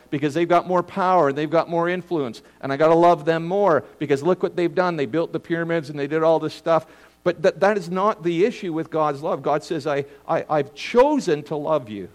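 A middle-aged man preaching a sermon as a pastor, earnest, often repeating words as he starts a phrase and slowing down to stress key points. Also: fairly high pitch.

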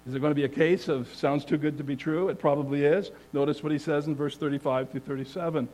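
A man's voice: on the high side, steady tone, darkish tone, low-quality recording. Man preaching an earnest sermon. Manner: earnest, measured teaching with emphatic scripture reading.

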